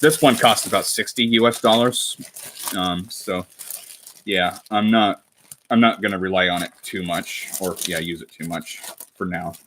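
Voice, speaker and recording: A young man in his twenties chats with his viewers while he works on crafts at home, often stopping to correct himself. His voice is bright and sits somewhat low, and a faint noise runs under the recording. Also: fairly even intonation, moderate pace. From United States. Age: 20s. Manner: rambling, self-correcting, chatty with viewers. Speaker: cosplay livestreamer. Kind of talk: casual livestream chat while crafting.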